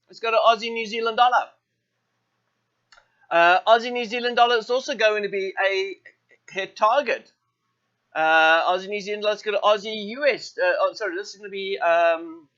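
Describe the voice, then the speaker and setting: A man hosting a live trading show, thinking aloud through currency charts with many fillers and quick self-corrections. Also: high-pitched, pushed and bright, dull audio. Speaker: forex trading show host. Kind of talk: live market walkthrough.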